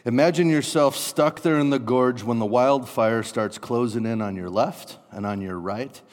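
A man preaching a sermon, animated, acting out panicked inner voices. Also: medium pitch, normal speed. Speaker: pastor. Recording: long reverb of a large hall.

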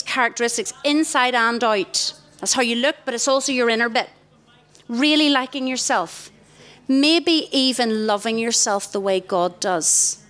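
A middle-aged woman, giving a lively, direct sermon to a tent of girls. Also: a little high. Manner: lively, direct, warmly emphatic. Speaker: youth speaker. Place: large tent.

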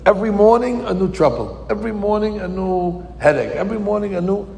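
A man giving a verse-by-verse Torah class, reading Hebrew lines slowly, then translating and explaining them with rhetorical questions. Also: high voice, animated, gravelly, darkish tone, a little hiss or hum. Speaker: Torah teacher. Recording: long hall reverb.

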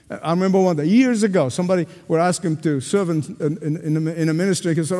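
Male pastor, high voice, preaches with emphatic repetition, long hall reverb behind him. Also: quick pace, hardly any pauses, dark tone. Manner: addresses the congregation directly. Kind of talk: sermon. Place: church sanctuary before a congregation.

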